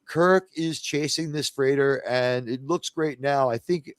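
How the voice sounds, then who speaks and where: A man's voice: mid-range voice, unhurried, no room sound. Man, livestream host, rambling casual chat, dry close sound. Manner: rambling, many fillers and restarts. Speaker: podcast host.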